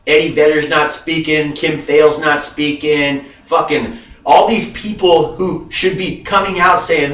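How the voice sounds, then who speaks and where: A man's voice: fairly high pitch, unhurried, fairly bright tone, recorded from a distance. A grieving, agitated man ranting to camera, swearing heavily and calling his viewers dude. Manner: heavy swearing, emphatic, calls viewers dude. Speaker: vlogger. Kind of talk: emotional rant to camera. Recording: roomy sound from away from the mic.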